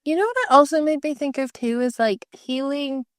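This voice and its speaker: A woman co-hosting a casual podcast, her voice a touch high and recorded dry and close. She talks fast, laughs easily and builds playful runaway chains of ideas. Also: lively intonation, no room sound. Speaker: podcast co-host.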